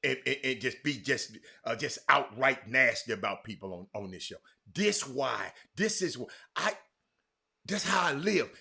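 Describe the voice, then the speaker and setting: A man hosting a sports talk show, speaking emphatically, swinging between loud outbursts and low asides. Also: animated, a little slow, vocal fry. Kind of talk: animated sports talk commentary.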